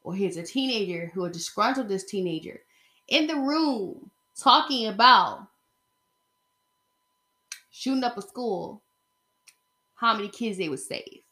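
Bright-voiced woman vlogging casually. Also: mid-range voice, lively intonation, measured pace, long pauses. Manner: rambling, conversational, emphatic. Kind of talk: casual opinion vlog.

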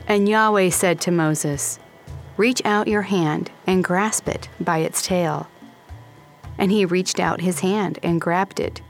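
A woman giving a plain, steady, measured reading of scripture. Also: lowish voice. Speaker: scripture reader.

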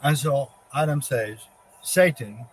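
Earnest male storyteller, improvised religious monologue, mid pitch. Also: a little slow, husky, rough recording.

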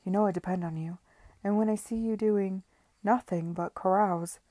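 Woman reading a fretful, anxious gentleman. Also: medium pitch, steady tone, normal speed, dry recording, close to an everyday voice. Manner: pleading and worried.

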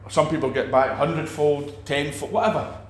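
A man teaching about faith in a relaxed talk, animated, acting out quoted people and restarting his sentences often. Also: fairly high pitch, a little fast, echoey room, slight background noise. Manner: animated, acts out quoted preachers, many restarts. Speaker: preacher.

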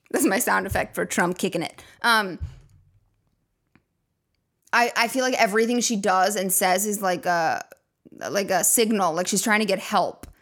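A woman's voice: mid-range voice, normal speed, long pauses, a bit bright. A woman hosting a comedy podcast, rambling through a profane casual monologue with lots of fillers and acted-out quotes.

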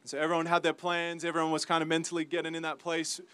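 Earnest Australian man, slightly high voice. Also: completely flat delivery, fairly bright tone, clean tone. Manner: earnest, halting, emotional storytelling with restarts. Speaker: campus ministry speaker. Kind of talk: personal testimony sermon.

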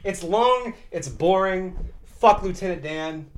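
Man with deadpan provocative jokes. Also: high voice, slow, a crowd in the background. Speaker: podcast co-host. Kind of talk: casual chat.

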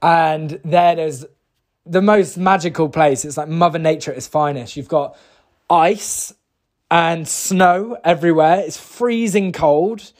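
A man's voice: a little high, a little slow. A man from the UK, talking casually and enthusiastically as he tells a personal story and turns it into a motivational message, with lots of fillers and restarts. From United Kingdom. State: briefly emotional. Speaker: motivational speaker.

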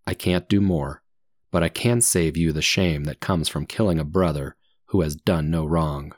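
A man's voice: extremely low pitch, fairly even intonation, moderate pace, no echo, clean studio sound. A man voicing an old, weary wolf leader. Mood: solemn.

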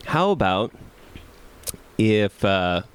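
A man's voice: on the low side, big pitch swings, very slow, smooth. A man hosting a podcast in casual joking chat, teasing his co-hosts. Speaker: podcast host.

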